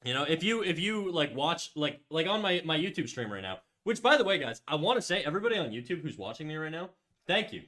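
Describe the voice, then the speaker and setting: A man's voice: a little high, big pitch swings, quick pace, pushed and bright. A man hosting a casual livestream while drawing. He rambles and restarts, says "like" often, swears freely, and reads out and answers chat messages. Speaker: livestream host.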